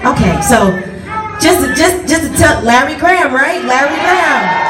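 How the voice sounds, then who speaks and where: A woman bass player telling a story to a concert audience from the stage, laughing often as she talks, recorded from far off in an echoey venue with the crowd behind her. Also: lively intonation, slow, pauses often, loud music behind the voice. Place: live music venue on stage.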